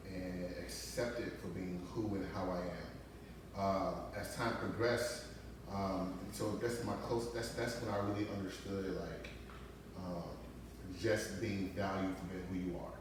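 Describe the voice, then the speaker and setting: A man speaking as a guest, thoughtful and halting, with many pauses and ums. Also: sits low. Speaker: guest, author and barber. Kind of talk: casual interview talk. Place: barbershop. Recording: echoey room, mic far off, some noise.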